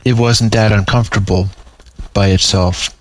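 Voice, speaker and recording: A man reading aloud his own story in a measured, even storytelling manner. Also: on the low side, low-quality recording.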